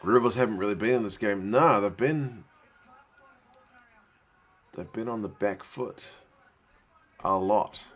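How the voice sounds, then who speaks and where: A man's voice: lowish voice, slow pace, pauses often. A man hosting a casual live watch-along from his living room, chatting and answering viewers' questions. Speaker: livestream host.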